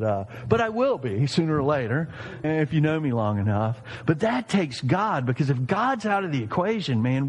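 A man in his fifties preaching a sermon, animated and jokey, acting out quoted voices. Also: mid-range voice, slightly rough, big-room sound. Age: 50s. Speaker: pastor.

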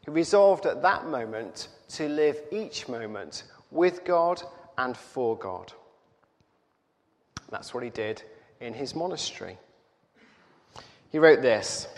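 A man delivers a sermon at an unhurried pace, slow and reflective, with frequent pauses and fillers. His mid-pitched voice rings out through a large hall with a long reverb tail. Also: lively intonation. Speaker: preacher.

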